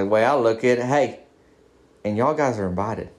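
A man's voice: medium pitch, normal speed. A man with a drawl tells a meandering comic story in character. He talks in a folksy, down-home way, with an ordinary mid-range voice and easy pacing. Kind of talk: first-person comedic monologue in character.

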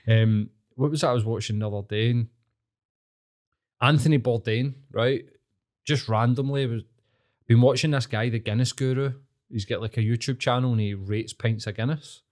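A man's voice: medium pitch, normal speed. Sweary Scottish man in casual chat. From Scotland. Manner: sweary, animated storytelling.

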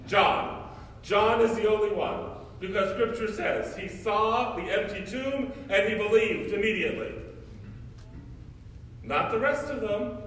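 In an echoey church recorded from a distance, a male priest delivers an emphatic sermon, asking rhetorical questions again and again. He speaks unhurriedly in a high, slightly bright voice, and a little hiss or hum can be heard.

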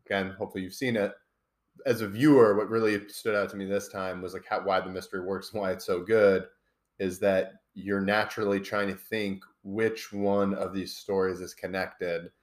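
A man's voice: deep voice, little pitch movement, normal speed. A man co-hosting a podcast, chatting casually about a film and talking around his points with lots of restarts. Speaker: podcast co-host.

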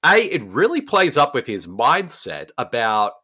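A man's voice: medium pitch, a little slow, breathy edge. A man hosting a podcast, retelling horror stories in casual, enthusiastic chat. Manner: animated, enthusiastic retelling with fillers. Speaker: podcast host.

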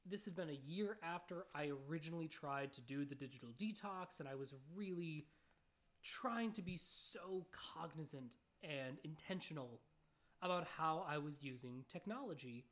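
A young woman with a slightly low voice chats alone on her podcast. She rambles easily from one thought to the next, dropping fillers and little asides to her listeners as she goes. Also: expressive, moderate pace. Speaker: podcast host. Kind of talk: casual solo podcast chat.

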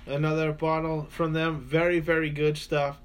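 A man's voice: on the high side, flat delivery, moderate pace. A man co-hosting a radio show, chatting casually and rambling with lots of fillers. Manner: laid-back, rambling, many fillers. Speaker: radio show co-host reviewing beer. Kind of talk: casual chat.

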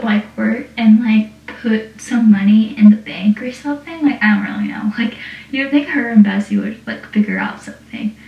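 A woman's voice: fairly high pitch, darkish tone, slight background noise. A woman casually recapping a TV episode, rambling and saying "like" often. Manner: rambling, heavy use of "like". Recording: echoey room, distant dull mic.

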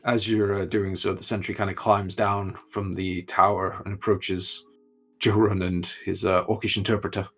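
A man narrating a tabletop game as its game master, in a relaxed, chuckling way. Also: deep voice, normal speed, faint music behind.

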